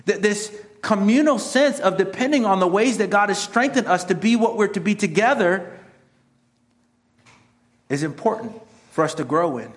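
A middle-aged man preaching a sermon in a noticeably high voice. He talks like a pastor chatting with his congregation, slipping from self-deprecating jokes into earnest exhortation. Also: animated, normal speed. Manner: conversational, self-mocking humor mixed with earnest exhortation. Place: church sanctuary.

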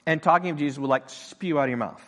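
A man's voice: a little high, quick pace. Older man preaching, with hall reverb. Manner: animated storytelling, acting out voices in quotes. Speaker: pastor. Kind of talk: sermon.

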